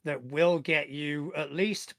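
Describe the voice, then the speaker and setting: A man's voice: on the high side, slow, a bit bright, no echo. A man narrating as game master of a tabletop game, describing scenes in a rambling, easygoing way with many fillers.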